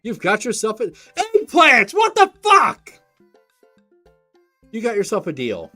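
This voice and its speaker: A young man, a let's play host, reading a dating game aloud with joking, crude asides. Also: medium pitch. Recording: faint game music behind.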